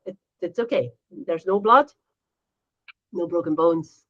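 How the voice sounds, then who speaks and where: A middle-aged woman co-hosting a casual chat, animated, often acting out quotes in a higher voice. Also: measured pace, muffled recording. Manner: animated, acts out quotes in a high voice. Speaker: podcast co-host.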